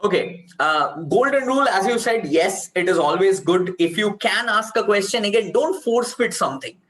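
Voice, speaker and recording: A man's voice: high-pitched, lively intonation, normal speed, a bit bright, rough recording. A man with an Indian accent giving an online workshop on speechwriting, stressing points by repeating key phrases. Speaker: speech trainer.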